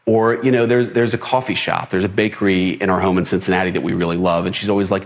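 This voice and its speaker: A middle-aged man, a politician, answering interview questions in a relaxed way, with many fillers and restarts. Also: sits low, fast, hardly any pauses.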